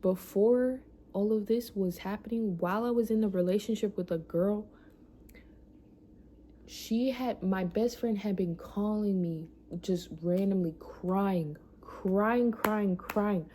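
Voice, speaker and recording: A woman's voice: medium pitch, slow pace, warm tone, slight background noise. A young adult woman telling a personal story in a casual vlog, emotional and profane, often repeating herself for emphasis. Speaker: vlogger.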